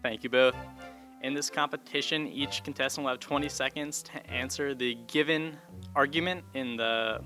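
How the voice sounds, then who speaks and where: A man's voice: medium pitch, fairly even intonation, moderate pace, sharp tone, faint music behind. A teenage boy hosting a comedy debate contest, with an upbeat, announcer-like delivery. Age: teens. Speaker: host of a debate game.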